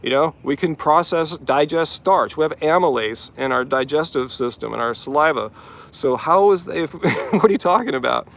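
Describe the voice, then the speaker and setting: A man's voice: on the high side, lively intonation, moderate pace, gravelly, a bit bright. A man hosting a live vegan Q&A after a run, talking at length and firmly rebutting commenters' questions. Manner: talkative, pointed, rebutting commenters. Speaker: vegan channel host answering live chat questions. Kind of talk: live-stream Q&A.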